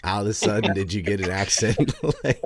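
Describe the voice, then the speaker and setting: A man's voice: fairly low pitch, level tone, quick pace, over a noisy crowd. A man in a casual political chat, making crude, mocking quips.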